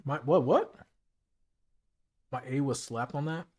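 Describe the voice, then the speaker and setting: A man's voice: mid-range voice, a little slow. A man hosting a casual late-night livestream from home, chatting in loose slang while eating, through a streaming mic with a noise gate. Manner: relaxed slangy chat, talking while eating. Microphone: streaming mic with noise gate and filters.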